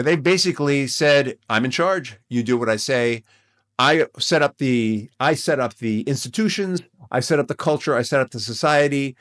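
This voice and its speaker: A man hosting a relationship podcast, talking earnestly and excitably, often repeating himself and checking in with "right?". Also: mid-range voice. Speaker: podcast host. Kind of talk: relationship coaching podcast monologue.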